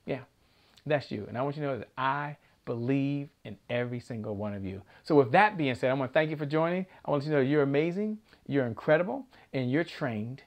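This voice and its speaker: A man's voice: medium pitch, animated, a little fast. A man hosting a motivational broadcast, telling a story and chanting affirmations to rouse his listeners. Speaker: show host.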